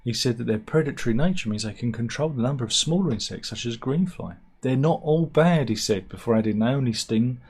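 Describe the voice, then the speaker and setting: A man hosting a satirical news vlog, reading out stories with wry, deadpan asides and mock outrage. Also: medium pitch, fast talker, few pauses, breathy edge. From United Kingdom. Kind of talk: offhand comic news chat.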